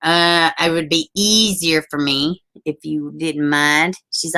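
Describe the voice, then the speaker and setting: A woman's voice: sits low, unhurried, hardly any pauses, sharp tone. A woman, hosting a casual livestream, chatting with viewers, laughing often and swearing freely. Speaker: livestream host reading viewer comments.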